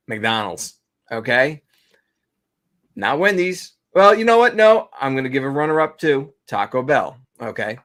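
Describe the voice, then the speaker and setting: A man's voice: mid-range voice, a bit bright. A young man co-hosting a casual podcast, ranting in a rambling, profane way. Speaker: podcast co-host. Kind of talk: casual banter.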